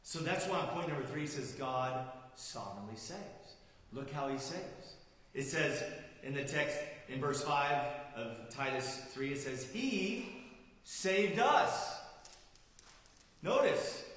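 A man preaching a sermon as pastor, emphatic, swinging from loud declarations to quiet, drawn-out lines. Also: a little high, lively intonation. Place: church sanctuary. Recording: roomy hall with long reverb.

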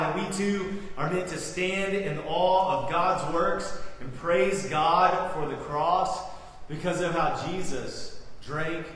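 An earnest male pastor preaching slowly and deliberately, often turning to his listeners with rhetorical questions. His somewhat high voice carries from a distance and rings through a large hall with a long reverb. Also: a bit bright, a little hiss or hum. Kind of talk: sermon. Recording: echoey hall from far off, faint ambience.

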